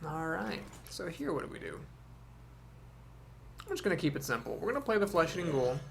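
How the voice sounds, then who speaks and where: A man talks through his card game in a relaxed, thinking-aloud way, mocking his own slip-ups and now and then bursting out with excitement. His voice sits a little high and has a gravelly edge. A faint hiss runs under the recording. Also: fairly quick. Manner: thinking aloud, self-deprecating, animated outbursts. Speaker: game commentator. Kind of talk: casual gameplay commentary.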